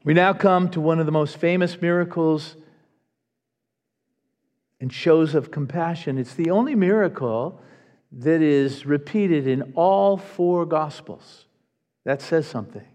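High-voiced male preacher in a reverberant hall. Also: a little slow, darkish tone. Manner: emphatic, earnest preaching with repetitions. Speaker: pastor. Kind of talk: sermon. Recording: long reverb of a large hall.

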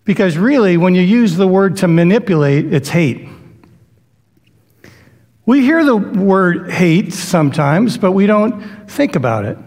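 A man's voice: sits high, darkish tone. A man preaching a sermon in a conversational way, acting out the voices he quotes. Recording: long hall reverb.

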